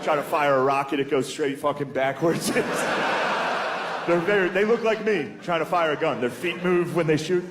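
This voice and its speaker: A man performing crude, casual stand-up comedy in a slightly higher voice. He keeps calling people dude and jumps into loud mock voices. The live recording has a clear layer of noise under it. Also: normal speed.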